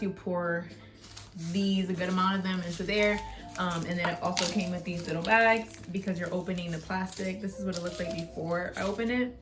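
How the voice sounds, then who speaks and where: A young woman vlogging to camera in casual chat, ranting bluntly with swearing, then calmly showing a craft. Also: fairly low pitch. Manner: animated and ranting, swearing, laughing at herself.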